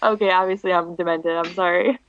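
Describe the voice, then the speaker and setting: A young woman in her twenties chatting as a podcast guest, animated and quick to laugh. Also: lowish voice. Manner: giggly, animated storyteller, laughs often. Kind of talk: casual podcast chat. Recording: dull lo-fi dry sound.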